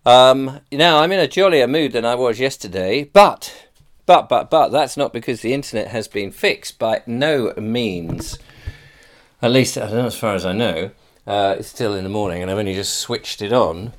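A man's voice: medium pitch, unhurried. A middle-aged man with an English accent, talking to camera in a chatty, rambling and self-deprecating way. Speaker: vlogger. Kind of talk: casual monologue vlog.

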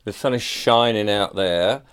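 A man's voice: on the low side, unhurried, a bit bright, clear, resonant tone. A middle-aged man with an English accent, talking to camera in a chatty, rambling and self-deprecating way. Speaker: vlogger. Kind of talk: casual monologue vlog.

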